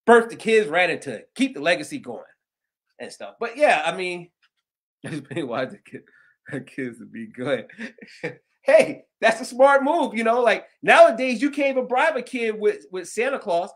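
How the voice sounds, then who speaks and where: A middle-aged man with a Southern American accent hosts a casual talk show. His voice sits notably high. He rambles through animated stories, laughs often and acts out the other people's voices. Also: moderate pace. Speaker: host of paranormal news show. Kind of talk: casual storytelling chat.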